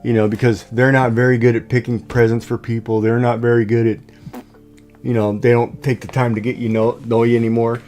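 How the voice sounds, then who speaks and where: A man's voice: mid-range voice, level tone, brisk, darkish tone, soft background music. A middle-aged man hosting a livestream from home, chatting casually and rambling with lots of fillers and restarts. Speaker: livestream host. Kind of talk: casual chat.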